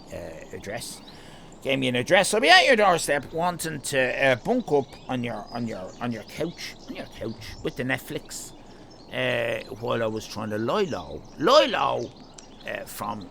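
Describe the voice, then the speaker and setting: A man's voice: mid-range voice, creaky, fairly bright tone, a little hiss or hum. A man with an Irish accent, rambling and joking with his viewers in a casual live stream. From Northern Ireland. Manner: rambling, jokey, chatting to viewers.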